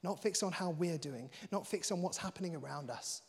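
A man's voice: on the high side, a little fast, husky. Earnest male preacher in a reverberant hall. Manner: earnest, conversational, laughs between points. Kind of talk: sermon.

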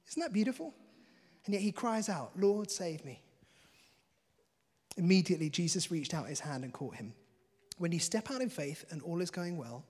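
A man's voice: a little high, slightly rough. Earnest male preacher in a reverberant hall. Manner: earnest, conversational, laughs between points. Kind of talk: sermon.

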